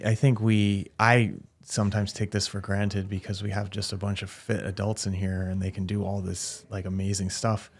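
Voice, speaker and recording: A man hosts a fitness podcast in an easy, conversational way, backing up his guest. His voice is fairly low with a gravelly edge, and he speaks at a relaxed pace. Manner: affirming, conversational. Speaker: gym owner, podcast host. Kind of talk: casual interview chat.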